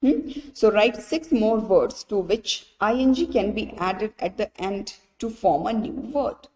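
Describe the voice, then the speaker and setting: A woman's voice: mid-range voice, lively intonation, measured pace, a little mellow, in a large hall. A woman teacher patiently walking pupils through a workbook lesson, spelling out letters, listing words one by one and checking in with "right?".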